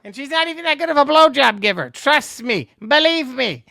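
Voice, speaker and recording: A man voicing a crude, boastful male skeletal villain sorcerer in a vulgar trash-talking rant, with a shrill gravelly cackle. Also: lively intonation, brisk, sharp tone, dry recording, clean studio sound, full character voice. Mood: gloating, vulgar.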